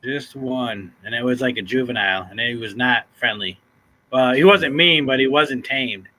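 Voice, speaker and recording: A man's voice: medium pitch, moderate pace, sharp tone, low-quality recording. A man hosting a casual livestream chat, laid-back and chuckling often as he greets viewers. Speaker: livestream host.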